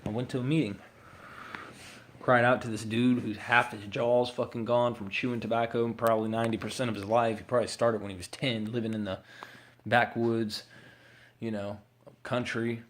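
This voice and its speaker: A man's voice: mid-range voice, level tone, normal speed, a little hiss or hum. A man candidly telling his own addiction recovery story, rambling and swearing freely as he acts out what people said.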